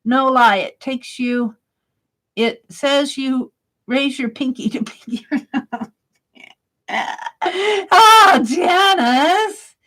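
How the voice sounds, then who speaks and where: Woman live-streaming, reads chat aloud, laughs a lot, unhurried, higher voice. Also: fairly even intonation.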